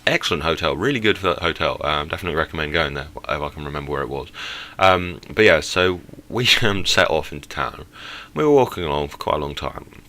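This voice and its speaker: A young man tells a story over gameplay in a loose, rambling way, full of ums and self-corrections. His voice sits low but has a bright, forward edge to it. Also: expressive, fairly quick. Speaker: gaming channel host.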